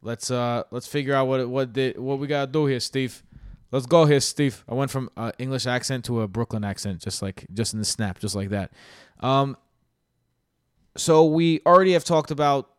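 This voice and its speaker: A man's voice: mid-range voice, brisk, smooth, no echo, studio quality. A man co-hosting a sports podcast in casual, joking chat, talking animatedly and swearing freely. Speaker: podcast co-host.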